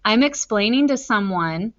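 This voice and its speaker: A woman teacher talking slowly and deliberately through a recorded reading lesson, spelling out her answers as she writes them. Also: mid-range voice, lively intonation, fairly bright tone. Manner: slow, deliberate, spelling out answers while writing. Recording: slightly dull lo-fi recording.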